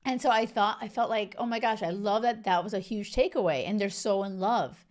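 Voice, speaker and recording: A woman's voice: mid-range voice, a little fast. A young woman hosting a casual talk about a reality show, effusive and chatty, with many fillers and restarts. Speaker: host. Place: lives in Spain.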